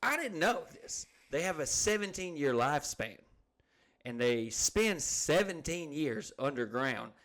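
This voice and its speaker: A man co-hosting a podcast tells crude, rambling stories, swearing constantly and acting out the people in them. His voice is fairly high and sing-song, unhurried and a bit bright.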